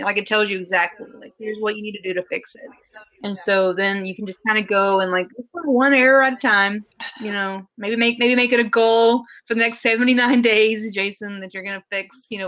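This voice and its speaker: A woman's voice: medium pitch, steady tone, a little fast, fairly bright tone. A woman with a Southern US accent, a podcast guest who explains things in loose casual chat, full of fillers and restarts. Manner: rambling, many fillers and restarts.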